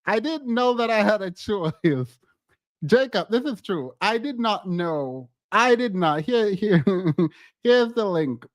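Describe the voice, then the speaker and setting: High-voiced man teasing a stream chat. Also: expressive, slow, no echo. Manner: playful, teasing, laughs often, repeats phrases. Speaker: livestream co-host. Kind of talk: casual livestream commentary.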